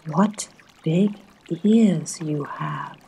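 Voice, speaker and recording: A woman's voice: low voice, extremely slow, creaky, dark tone, husky, exaggerated voice. A woman voicing an innocent young girl in a bedtime storybook, crying out in a raised voice. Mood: wondering.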